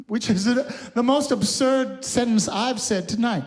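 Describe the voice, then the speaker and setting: A man's voice: high voice, moderate pace. A man hosting a live cabaret show, telling chatty, campy stories between songs with frequent laughs, in a recording studio. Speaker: cabaret singer and host. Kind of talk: live cabaret stage patter.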